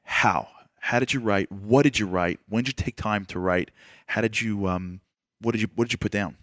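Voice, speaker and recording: A man interviewing a guest, his voice on the low side. He asks long, winding questions with animated energy. The sound is close and dry, with no room echo. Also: moderate pace. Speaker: interviewer and radio show host. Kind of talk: conversational interview.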